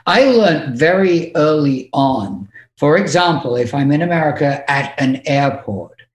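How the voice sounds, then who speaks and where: A man's voice: a little high, animated, reverberant. A man with an English accent, a podcast guest telling candid stories in casual chat. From England. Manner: candid, quick storytelling with laughs. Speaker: guest, tour manager.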